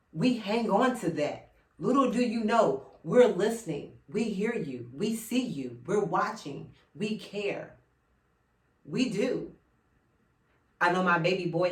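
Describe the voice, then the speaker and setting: Earnest woman in her 30s talking straight to listeners, keeps repeating the same lines, roomy sound, mic far away. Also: fairly low pitch. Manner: earnest, repeats key phrases, speaks directly to listeners. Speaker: speaker addressing men. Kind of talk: heartfelt personal monologue.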